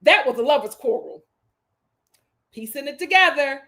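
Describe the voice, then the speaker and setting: A woman hosting a live reality TV review stream, animated and dramatic, full of slang and talking straight at the people she discusses. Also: sits high, normal speed. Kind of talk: live-stream episode recap commentary.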